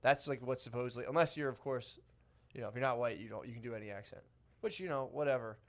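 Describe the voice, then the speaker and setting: A man co-hosting a podcast in casual chat, telling stories and swearing freely. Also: medium pitch. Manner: fast, swearing, storytelling. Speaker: podcast co-host.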